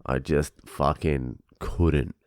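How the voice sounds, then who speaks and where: Deep-voiced swearing young man. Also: fairly even intonation, slow, darkish tone, no room sound, clean studio sound. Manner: swears constantly, ranting. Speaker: vlogger. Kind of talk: casual venting monologue.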